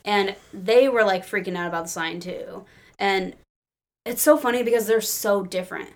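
A woman from Illinois chatting casually, an excitable storyteller who acts out quotes and laughs often. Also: medium pitch, moderate pace. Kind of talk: casual chat.

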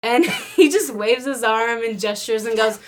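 A woman chatting casually and telling a lively story. She laughs often and breaks into little performances of what each person said. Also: on the high side, a little slow. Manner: animated storytelling, laughs often, acts out quotes. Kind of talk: casual chat.

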